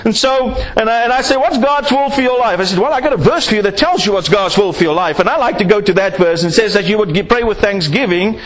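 A man's voice: sits high, animated, quick pace, hardly any pauses. A man preaching a sermon, acting out little scenes to make his points. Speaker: pastor.

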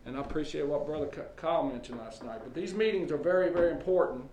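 A man's voice: on the high side, fast, a little mellow, lo-fi sound, slight background noise. Folksy male preacher in an echoey hall. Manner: folksy storytelling with many fillers and restarts. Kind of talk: sermon. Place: church hall. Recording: echoey church hall with faint ambience.

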